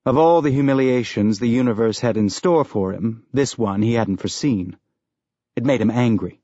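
A man narrating an audiobook in a measured, even storytelling manner. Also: medium pitch, dry recording, highs cut off. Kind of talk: scripted narration.

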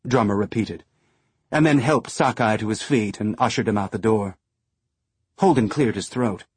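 Husky-voiced male audiobook narrator. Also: lowish voice, a little slow, a little mellow, no room sound. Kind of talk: scripted narration. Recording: dry studio sound.

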